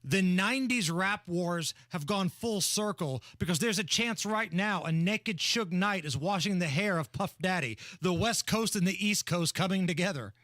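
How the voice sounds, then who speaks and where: A man hosting a radio talk show, joking and ribbing his co-host in quick banter. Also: high voice, a bit bright, no echo, studio quality. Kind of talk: casual radio chat. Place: radio studio.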